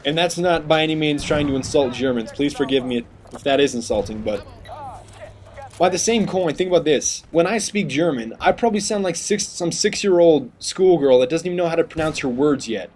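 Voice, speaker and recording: A man giving chatty, rambling gameplay commentary, getting sidetracked and excitable over his kills. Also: a little high, brisk. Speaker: gaming commentator.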